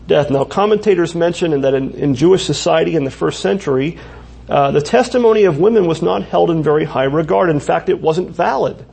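A man's voice: fairly high pitch, creaky, a little mellow, breathy edge. A male pastor preaching a sermon in church, talking conversationally with asides and frequent restarts.

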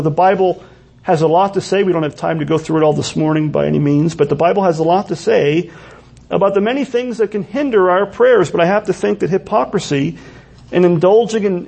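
A man's voice: high-pitched, creaky, darkish tone, slightly rough. A man preaching a sermon in a church, earnest and full of rhetorical questions. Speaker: pastor.

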